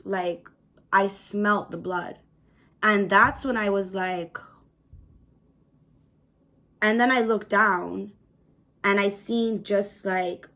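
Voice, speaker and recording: A woman telling her own story to camera in a halting, repetitive way, full of fillers and often hushed. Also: medium pitch. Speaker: vlogger.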